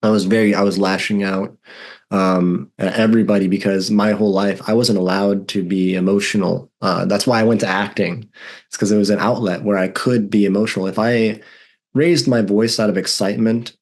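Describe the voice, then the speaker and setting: A man's voice: lowish voice, fairly even intonation, brisk. A man in his thirties, a guest telling his own story in a candid, earnest and emphatic way. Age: 30s. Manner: earnest and emphatic, reliving strong emotions.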